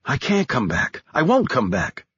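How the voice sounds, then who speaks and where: A male narrator voicing a tough, sharp-tongued woman con artist who snaps back defiantly. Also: mid-range voice, huge pitch swings, measured pace, slightly rough, dry recording, dull audio, full character voice. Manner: snappish and defiant, rising to a shout in alarm.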